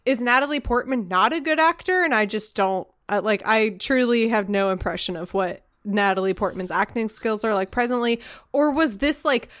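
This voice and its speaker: Woman, podcast co-host, chatty rambler, slightly high voice, filler-heavy. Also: moderate pace. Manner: rambling, animated, filler-heavy with frequent restarts. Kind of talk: casual podcast chat.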